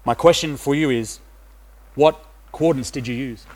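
A man's voice: medium pitch, moderate pace, a little mellow. Hesitant middle-aged male preacher. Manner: hesitant, many "uh" fillers. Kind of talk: sermon.

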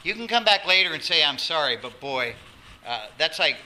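Animated male pastor preaching. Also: a little high, moderate pace. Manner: animated, drops to soft emphasis, acts out quotes. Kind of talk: sermon. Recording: noisy sermon recording.

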